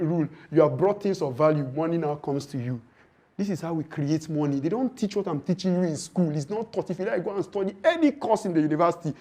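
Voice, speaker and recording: A man's voice: high-pitched, a little mellow. A man giving a motivational training lecture, full of rhetorical questions and acted-out dialogues. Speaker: leadership and finance trainer.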